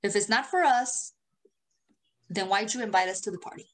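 A woman's voice: medium pitch, normal speed. A woman co-hosting a podcast, telling stories in a casual, profane, laugh-filled chat. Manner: animated, profane storytelling with frequent laughter. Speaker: podcast co-host.

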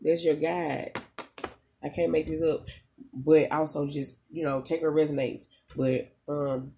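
Laid-back spiritual reader talking to viewers, warm low-key tone, chatty slang, lots of pauses. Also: big pitch swings, vocal fry, husky. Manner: emotional at moments, talks straight to the audience. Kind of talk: casual channeled reading to viewers.

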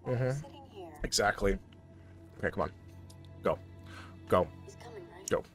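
A young man giving goofy, excitable commentary over his own video game playthrough, joking with his viewers. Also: lowish voice, takes it slowly. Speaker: gaming YouTuber. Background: game music and sirens.

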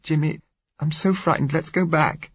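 A man's voice: medium pitch, expressive, moderate pace, slightly rough, dull audio, pitched above the performer's own voice. A man doing a frightened, pleading young woman. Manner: pleading, fearful.

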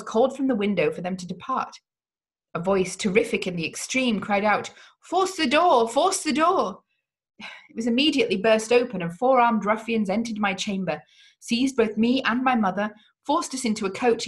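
Female read-along host, gothic novel, dramatic mid-pitched delivery. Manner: dramatic reading with occasional slips. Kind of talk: reading a gothic novel aloud.

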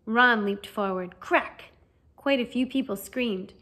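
A woman reading a storybook aloud as an audiobook narrator. Her delivery is lively and expressive, and her voice sits fairly high. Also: takes it slowly. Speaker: audiobook reader.

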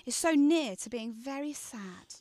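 A woman's voice: high-pitched, animated, a little slow, warm tone, no room sound. A woman voicing an affectionate young daughter in an amateur radio play, eager and doting with childlike questions. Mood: wistful.

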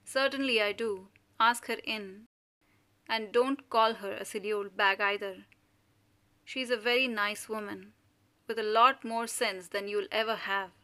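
A woman's voice: a little high, unhurried, sharp tone. A woman voicing a domineering middle-aged mother who speaks sharply and severely, raising her voice to scold her family. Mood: severe, commanding.

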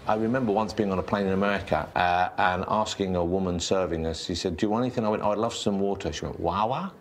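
A man's voice: low-pitched, steady tone, quick pace. A man telling an anecdote in a casual, exasperated and sardonic way.

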